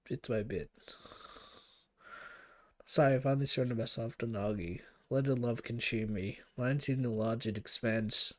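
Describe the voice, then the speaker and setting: A man hosting a let's play, reading a visual novel's narration aloud in a quiet, low, unhurried way.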